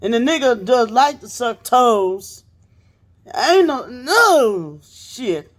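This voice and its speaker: A woman's voice: on the high side, big pitch swings, takes it slowly. Profane, blunt woman host telling a story. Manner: profane, blunt, acts out quotes of others. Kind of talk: casual storytelling.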